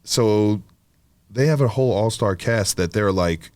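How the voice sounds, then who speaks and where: A man's voice: on the low side, unhurried, a little mellow, dry recording. A young man co-hosting a podcast, talking in a loose, rambling way, swearing and laughing often. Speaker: podcast co-host. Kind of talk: casual chat.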